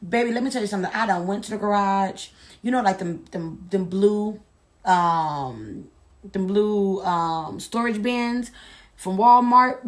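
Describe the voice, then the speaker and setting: A woman chatting casually to her viewers, retelling a story in an animated, sassy way. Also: medium pitch. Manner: animated, sassy, drawn-out dramatic retelling with asides like "baby". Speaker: storyteller vlogger.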